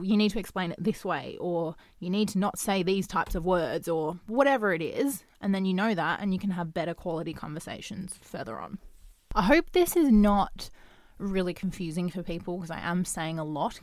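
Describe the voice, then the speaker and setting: A young adult woman hosting a casual solo podcast, talking in a chatty, animated way, acting out quoted dialogue and laughing often. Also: fairly low pitch, moderate pace, dry recording, clean studio sound. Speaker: podcast host.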